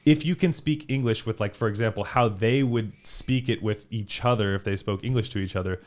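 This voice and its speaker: Young man, Californian accent, low voice, casual podcast chat, animated, lots of fillers. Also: fairly quick. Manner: animated, swearing, filler-heavy. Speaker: podcast host.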